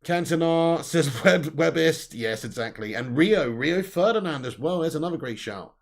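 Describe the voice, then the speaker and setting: A man's voice: a little high, animated, normal speed. A man hosting a casual livestream, reading out viewer comments and bantering, swearing and laughing often. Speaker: livestream host. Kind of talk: casual live-stream chat reading comments.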